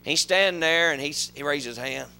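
Male preacher, folksy storyteller, bright and edgy tone, shifts loud to low. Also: moderate pace, gravelly, clean tone. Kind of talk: sermon.

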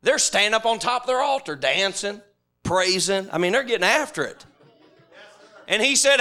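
A man preaching a sermon, moving from hushed storytelling to shouting. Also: sits high, lively intonation, moderate pace.

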